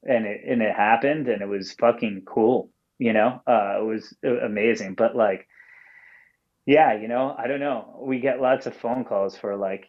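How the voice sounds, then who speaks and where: A man's voice: mid-range voice, moderate pace. A man calling in as a podcast guest and telling a story casually, rambling with lots of fillers and swearing. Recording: dull call-in audio.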